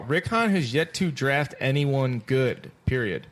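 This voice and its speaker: A man's voice: medium pitch, animated, measured pace, a bit bright. Brash swearing male sports podcast host. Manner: brash, teasing, swears freely. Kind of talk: casual sports chat.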